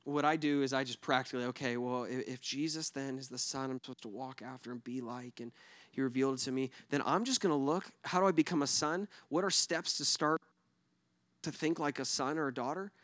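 A man preaching a sermon conversationally. He asks the congregation questions and swings between loud emphatic bursts and hushed near-whispers. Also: mid-range voice, a little fast, no echo.

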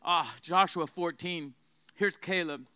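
A fiery male preacher with a high, bright, clear voice, driving his sermon hard and calling on the crowd to repeat after him. The sound is close and dry, with no room echo. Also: takes it slowly. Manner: fiery, emphatic, has the crowd repeat phrases.

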